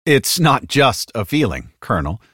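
A man voicing a slick, overconfident corporate spokesman with a smooth news-anchor cadence. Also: mid-range voice, sing-song, moderate pace, fairly bright tone, no echo, studio quality, pitched above the performer's own voice. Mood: hearty.

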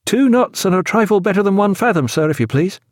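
A man voicing a dutiful young junior officer who answers crisply and eagerly, eager to please. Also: sits high, animated, fairly quick, darkish tone, no room sound, clean studio sound, voice pushed up.

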